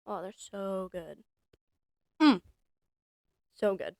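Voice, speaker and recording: A woman's voice: mid-range voice, drawn-out words, a little mellow, no echo, studio quality. A woman co-hosting a podcast, talking casually in a chatty, emphatic and frank way. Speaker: podcast co-host. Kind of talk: casual chat.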